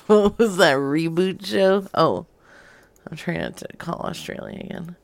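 Woman host, unhurried and low, vocal fry, giggly casual chat with whispered asides. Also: no echo.

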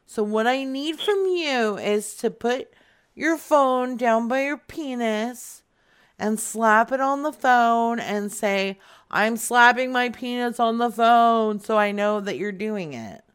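A woman's voice: on the high side, takes it slowly, clean tone. A young adult woman making a prank phone call, brash and teasing, laughing often. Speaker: prank caller.

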